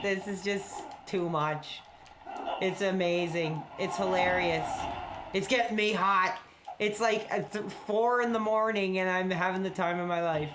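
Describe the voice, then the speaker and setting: Excitable man streaming a game. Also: high-pitched, a little slow, noisy background. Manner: excitable, loud outbursts, rambling. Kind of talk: excited gameplay commentary.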